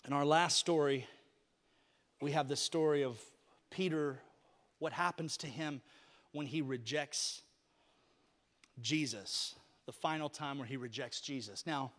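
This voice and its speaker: A male pastor preaching a sermon, telling stories with animated voices that rise to near-shouting at the peaks. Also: fairly high pitch, measured pace, long pauses, big-room sound.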